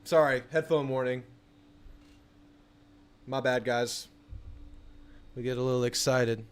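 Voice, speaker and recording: A young man hosting a live football watch party, chatting casually about the game and bursting into excited yelling at the TV on big plays. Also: medium pitch, slow pace, clear, resonant tone. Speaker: sports channel host.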